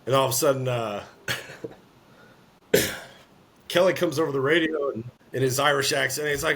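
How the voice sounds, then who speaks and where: A man, an army veteran, telling a war story in an interview, earnest and halting, often clearing his throat. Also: medium pitch, lively intonation, a bit bright.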